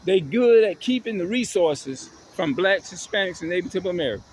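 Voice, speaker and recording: A vlogger rants to his viewers in an emphatic, repetitive monologue, swearing to hammer his points home. His voice sits high and expressive at normal speed, with slight background noise.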